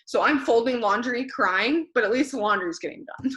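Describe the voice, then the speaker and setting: A woman's voice: on the high side, moderate pace, a bit bright. A young woman leading her team on a video call, giving a blunt, tired pep talk with some swearing. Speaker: team leader.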